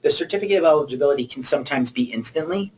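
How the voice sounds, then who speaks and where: A man's voice: fairly high pitch, lively intonation, very fast, a little mellow, low-quality recording. A man presenting in a webinar as a mortgage originator, explaining rules step by step and often checking in with "okay?".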